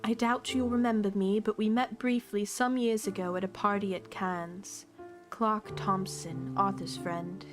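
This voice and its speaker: A tactful, formal British man as a woman reading aloud puts him on, polite and measured with a gently grave touch. His voice sits mid-high for a man, with a soft trace of background music behind him. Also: steady tone, lightly acted. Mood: courteous. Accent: British (put on).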